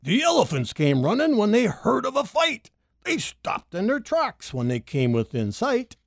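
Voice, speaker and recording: A woman reading a rhyming children's story aloud, expressive and sing-song. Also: moderate pace, no echo, studio quality. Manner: expressive, sing-song, big pitch leaps. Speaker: storybook reader.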